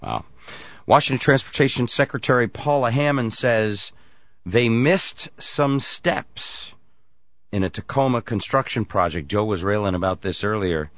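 A man's voice: lowish voice, a little slow, dry recording, dull audio. A man hosting a morning radio talk show, joking with his co-hosts and reading news items aloud. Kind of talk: casual morning show banter.

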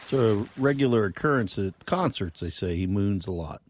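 A man co-hosting a morning radio show, adding wry, deadpan asides. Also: lowish voice, normal speed, a little hiss or hum. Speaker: radio co-host. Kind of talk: casual radio banter.

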